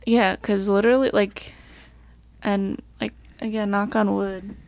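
Woman, podcast co-host, casual chat, frequent swearing, gravelly fry, dry sound. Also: medium pitch, level tone, a little slow, darkish tone, no echo. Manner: swears often, chatty, trails off with "like".

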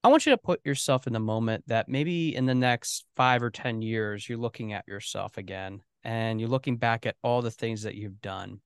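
Earnest male podcast host, smooth voice. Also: mid-range voice, normal speed, hardly any pauses, dry recording. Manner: earnest, long rambling questions. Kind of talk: interview podcast.

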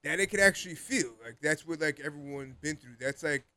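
A young man co-hosts a casual podcast in a voice sitting a bit higher than most men's. He rambles, strings his thoughts together with "like", and laughs easily. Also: a little fast, sharp tone. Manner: rambling, laughs often, heavy use of "like". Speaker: podcast co-host. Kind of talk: casual chat.

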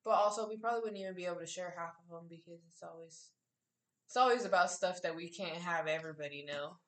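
Wry, soft-spoken woman co-host, echoey room. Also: fairly low pitch, fast. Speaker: podcast co-host. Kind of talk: casual chat.

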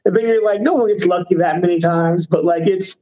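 A man's voice: high voice, brisk, warm tone, muffled recording. A man, a professional fighter, talking casually in an interview, rambling with many fillers and poking fun at himself. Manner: rambling, self-deprecating, lots of fillers.

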